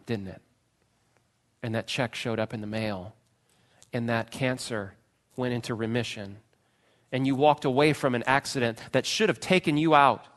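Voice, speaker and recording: A man preaching a sermon, retelling a story with dramatic swings from loud pleading cries to hushed, quiet phrases. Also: medium pitch. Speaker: pastor.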